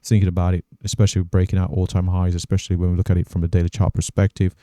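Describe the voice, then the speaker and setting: A man hosting a trading channel, walking through his day's trades on screen in a measured, methodical way and thinking aloud. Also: sits low, completely flat delivery, warm tone, clear, resonant tone, no echo. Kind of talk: casual trading recap over screen recording.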